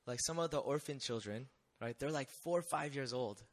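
This young man, a missionary speaker, talks briskly in a mid-range voice as he recounts his testimony to listeners. His delivery is lively and chatty, punctuated by rhetorical check-ins.

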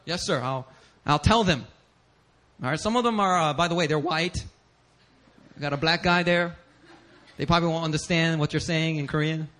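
A man preaching a sermon as pastor, telling stories animatedly with bursts of shouting and laughter. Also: a little high, fairly even intonation, fairly quick.

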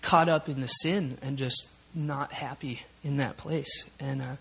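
A man's voice: mid-range voice, steady tone, measured pace, creaky, very noisy. A man from Minnesota giving a personal testimony at a church prayer meeting, emotional and rambling, with many fillers. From Minnesota, USA.

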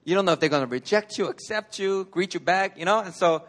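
A pastor with a fairly high, slightly bright voice preaches a casual, story-driven sermon in church at a quick pace. He's conversational, acting out little scenes and laughing as he goes.

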